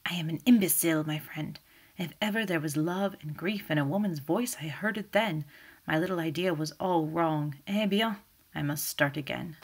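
A fussy, meticulous older detective, put on by a woman reader, murmuring in quiet, half-whispered asides. The tone has a gravelly texture and sits low. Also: moderate pace. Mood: self-reproaching.

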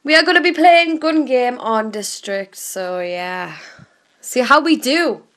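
A woman's voice: fairly high pitch, animated, unhurried, a bit bright. A young woman swearing her way through gameplay commentary, bursting into shrieks and laughter. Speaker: gaming video host.

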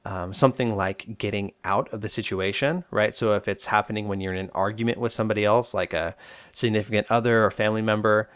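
A male psychologist hosting a self-help podcast, explaining coping steps to the listener in a relaxed, direct way. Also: on the low side, fast, clear, resonant tone, dry recording, studio quality.

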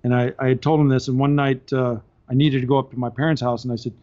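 A man telling long stories on a podcast in a casual, animated way, often laughing as he talks. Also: medium pitch, fast, few pauses. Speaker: podcast guest. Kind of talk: casual storytelling. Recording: dull lo-fi podcast audio.

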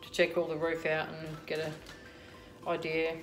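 An Australian woman chats casually to her viewers from her kitchen, rambling from one thing to the next with plenty of ums. Her voice sits a little low, and soft music plays faintly behind her. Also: monotone, measured pace. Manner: chatty and rambling, many ums. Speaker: vlogger. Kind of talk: casual chat to camera.

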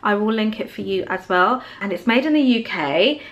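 A woman's voice: mid-range voice, animated, moderate pace, highs cut off. A young woman vlogging, chatting casually through a show-and-tell of her products with lots of ums and likes. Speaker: beauty vlogger.

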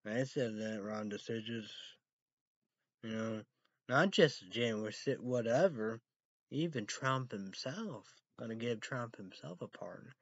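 A man rambling profanely on a stream, swinging from low mumbles to loud outbursts. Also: a little slow, no echo, dull audio. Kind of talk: rambling live stream talk.

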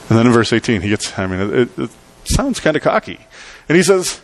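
A male pastor preaching a sermon in a conversational, emphatic way, with dramatic pauses. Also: mid-range voice, very animated.

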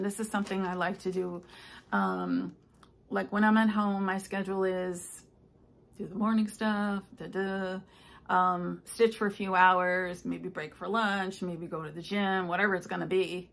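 An older woman talks through her stitching plans in a loose, rambling home chat. Her voice carries a gravelly fry, and she fills pauses with ums and asides. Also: on the low side, fairly bright tone. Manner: chatty, rambling, with many fillers. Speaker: stitching vlogger. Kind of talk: casual chat. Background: household noises, clock and ice maker.

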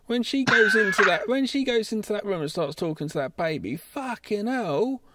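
A man's voice: high-pitched, fairly quick, heavy background noise. A man co-hosting a podcast, chatting casually and jokily about films, swearing a lot. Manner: sweary, excitable, jokey. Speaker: podcast co-host. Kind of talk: casual film chat.

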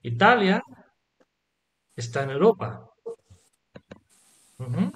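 A man's voice: on the high side, expressive, measured pace, long pauses. A man teaching Latin to a small group, patiently asking questions and checking that they follow. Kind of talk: online group lesson.

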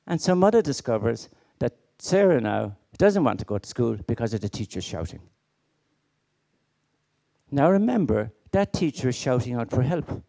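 A man's voice: fairly high pitch, creaky, dark tone. A middle-aged man giving a conference keynote, emphatic and full of rhetorical questions and stories. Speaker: keynote speaker.

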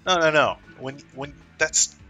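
A man's voice: fairly high pitch, measured pace, bright, forceful tone, faint music behind. A man vlogging about games in a casual, profane, joking rant. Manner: profane, laid-back, joking. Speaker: gaming vlogger.

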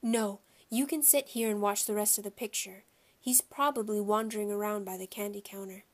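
A steady, firm father in a children's storybook, as a woman reading aloud puts him on. He speaks calmly and plainly, in a level, unhurried voice. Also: mid-range voice, natural voice. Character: calm, firm father of two boys.

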